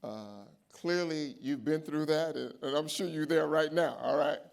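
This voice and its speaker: A man's voice: on the high side, moderate pace, creaky. A man moderating a conference panel, posing questions in a conversational way with fillers. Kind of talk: conference stage interview. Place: conference main stage before a live audience.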